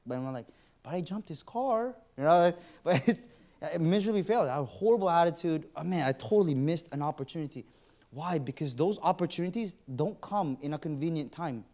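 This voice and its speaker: A man's voice: a little high, darkish tone. A man preaching a sermon in a church, telling a personal story and acting out his own inner voice. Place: church auditorium.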